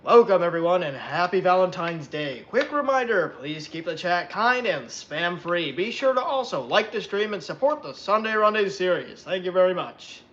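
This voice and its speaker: A woman's voice: on the low side, lively intonation, moderate pace, few pauses, natural voice. A woman voicing a formal male chat moderator who reads out announcements in a stiff, announcer-like way, on slightly muffled stream audio.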